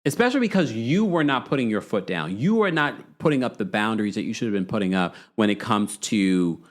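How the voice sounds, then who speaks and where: Animated gossipy man recapping. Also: fairly low pitch, a little fast. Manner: animated and gossipy, laughing often. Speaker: podcast host. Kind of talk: casual reality show recap.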